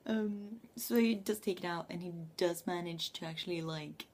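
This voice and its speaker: A young woman telling a story late at night from her bedroom, speaking in a hushed half-whisper and swearing freely. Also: lowish voice, a little fast. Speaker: vlogger living abroad.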